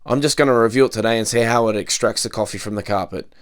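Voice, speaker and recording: A man's voice: lowish voice, fast talker, no room sound. A married man giving a comedic product review, slipping dry jokes and cheeky innuendo in between the facts. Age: adult, married.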